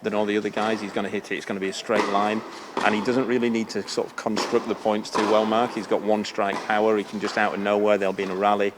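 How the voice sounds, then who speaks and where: A man talks tennis as co-commentator with a fairly low voice. He talks quickly and chattily, often restarting his sentences. A light hiss sits under him. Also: level tone. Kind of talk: sports commentary analysis.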